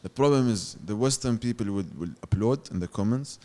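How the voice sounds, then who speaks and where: A man's voice: on the low side, fairly quick, warm tone. Man chatting casually. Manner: reactive, mixes Arabic words into English. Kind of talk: casual chat.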